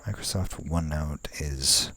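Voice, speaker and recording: A man's voice: very deep voice, a little slow, noisy background. A young man rambling casually outdoors at night, with many fillers and restarts, swearing now and then. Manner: meandering, frequent fillers and restarts; laid-back, swears casually. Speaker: vlogger.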